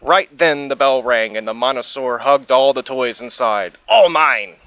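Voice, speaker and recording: A man reads a children's picture book aloud with plenty of expression and a few small stumbles. His voice sits at a middle pitch. The recording sounds dull and lo-fi. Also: moderate pace, noisy background. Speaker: student reader.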